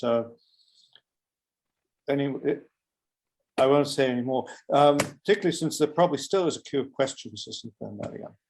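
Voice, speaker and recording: A man's voice: mid-range voice, darkish tone. Hesitant man on an online panel. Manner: hesitant, many fillers and restarts.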